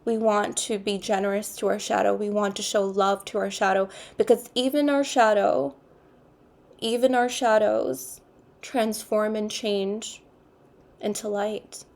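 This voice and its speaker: A woman reads tarot cards in an unhurried, earnest voice with a noticeable gravelly fry underneath. She sits at a middle pitch for a woman and circles back over her spiritual phrases again and again. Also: steady tone, darkish tone. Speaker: tarot reader. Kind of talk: intuitive tarot card reading.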